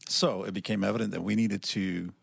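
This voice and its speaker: A man in a casual group conversation, speaking hesitantly with pauses and fillers. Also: on the low side, fairly even intonation, creaky, husky, no echo, clean studio sound. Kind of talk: casual chat.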